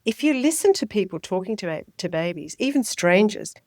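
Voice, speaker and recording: A middle-aged woman, a child health nurse and midwife, giving clear, lively parenting advice in a podcast interview. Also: mid-range voice, brisk, dry recording, studio quality. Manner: explanatory, lively when voicing babies and parents.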